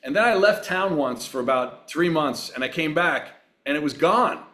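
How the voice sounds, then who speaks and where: A man's voice: a little high, animated, normal speed, a bit bright. Easygoing man in his sixties telling stories. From Long Island, New York. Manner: easygoing, rambling anecdotes with frequent fillers. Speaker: guest actor. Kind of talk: relaxed storytelling in a podcast interview.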